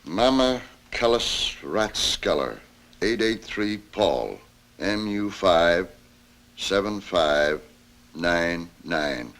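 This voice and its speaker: An actor playing a sardonic police lieutenant in a 1960s TV crime drama. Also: male voice, deep voice, animated, drawn-out words, fairly bright tone, exaggerated voice. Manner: dry and sardonic. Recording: faint hiss, old TV soundtrack.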